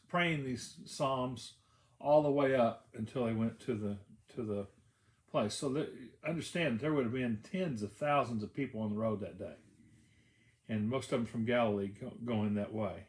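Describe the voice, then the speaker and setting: A man's voice: mid-range voice, echoey room. A pastor preaching a sermon, telling the story in an easy conversational way, often restarting his phrases.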